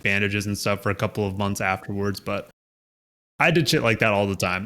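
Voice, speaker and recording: A man co-hosting a podcast in casual chat, telling a story and acting out what people said. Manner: expressive, acts out quotes in a higher voice. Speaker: podcast co-host.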